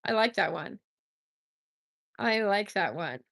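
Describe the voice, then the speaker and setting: A middle-aged woman with a gravelly, fry-edged voice hosts a poetry livestream. She reads poems aloud between chatty asides, greets viewers by name and laughs at herself. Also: medium pitch, animated, slow, fairly bright tone.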